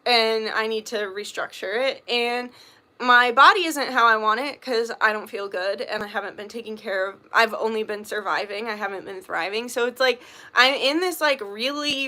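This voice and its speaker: Bright-voiced woman venting, profane and rambling. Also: a little high. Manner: rambling, profane, filler-heavy talk. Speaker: vlogger and small business owner. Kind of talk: candid casual vlog monologue.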